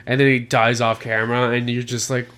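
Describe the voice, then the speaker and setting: A man's voice: mid-range voice, little pitch movement, a little fast, fairly bright tone. A man in an ordinary middle register hosts a laid-back podcast. He jokes, swears freely and banters loosely with his co-hosts. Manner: loose, profane, laughing banter. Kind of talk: casual chat.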